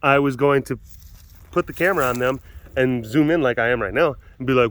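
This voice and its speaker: A man's voice: medium pitch, brisk, a bit bright. A man vlogging at a big cat compound, talking in a rambling, chuckling, self-deprecating way while filming on a phone held close. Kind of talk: casual vlog chat. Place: animal compound, filming through a glass door.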